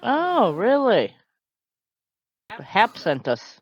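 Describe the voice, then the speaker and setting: A woman's voice: mid-range voice, huge pitch swings, extremely slow, highs cut off. A woman playing a tabletop game, sassy and playful when speaking in character. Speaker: player. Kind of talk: tabletop role-play.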